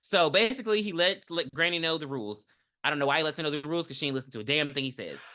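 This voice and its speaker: A woman's voice: low voice, rapid-fire. A woman co-hosting a casual movie-review podcast, retelling the plot with a lot of energy, acting out lines and swearing freely. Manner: animated, acts out characters' lines, swears freely. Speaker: podcast co-host. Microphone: podcast mic.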